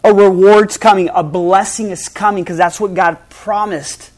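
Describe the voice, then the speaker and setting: A man's voice: high-pitched, steady tone, normal speed. Dynamic male pastor preaching. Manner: dynamic, swings between loud emphasis and hushed softness. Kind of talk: sermon. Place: church hall before a congregation.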